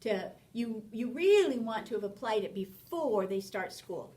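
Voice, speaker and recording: A woman teaching a parenting class, lively, acting out short exchanges with children as she explains. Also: fairly high pitch, unhurried, distant mic, low-quality recording. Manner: animated, acts out little dialogues with children. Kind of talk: spoken class lecture.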